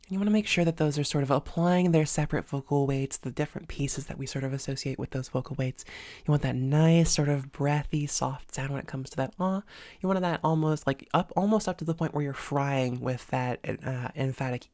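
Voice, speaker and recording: A woman voice coach giving an instructional lesson in a calm, measured way, with frequent "sort of" and "um" fillers as she explains exercises. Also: sits low, no echo, studio quality. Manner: demonstrates sounds with their own voice.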